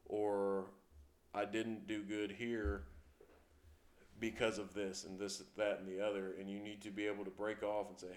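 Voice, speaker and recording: A man with a fairly low voice chats casually as a podcast co-host, recounting police work in a laid-back, profane way. His voice rings a little in an echoey room. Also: level tone, normal speed. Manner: laid-back, profane, laughs while telling stories. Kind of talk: casual storytelling chat.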